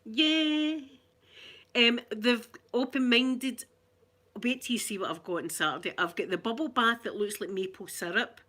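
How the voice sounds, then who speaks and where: Woman, Glaswegian accent, bright tone, casual live chat, rambling, laughs a lot. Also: fairly high pitch, a little slow. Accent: Glaswegian Scottish. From Glasgow, Scotland. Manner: chatty, rambling, laughs often.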